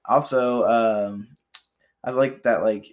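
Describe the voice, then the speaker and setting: Young guy, average pitch, co-host. Reads "on this day" items, then drops dry jokes. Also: steady tone, slow pace. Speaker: podcast co-host reading historical dates. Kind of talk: casual comedic chat.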